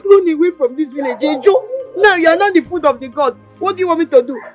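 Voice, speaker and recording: A woman's voice: high-pitched, expressive, quick pace. An actress playing a dramatic young village woman who scolds her friend, with a Nigerian accent and pidgin phrases. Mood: scolding. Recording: dull sound with music behind.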